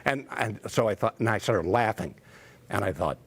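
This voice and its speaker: An older man telling stories as a TV guest, speaking carefully and deliberately after a stroke, with frequent fillers. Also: lowish voice, animated, creaky, a bit bright, husky. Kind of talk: storytelling in a TV interview.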